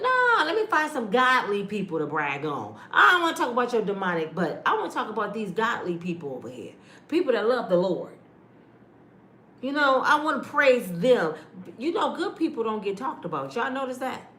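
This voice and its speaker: A woman vlogger addresses her viewers in an emphatic, sermon-like manner, repeating her phrases in preachy casual commentary. Her voice sits on the high side, bright and forceful, very animated at a moderate pace. The room is echoey.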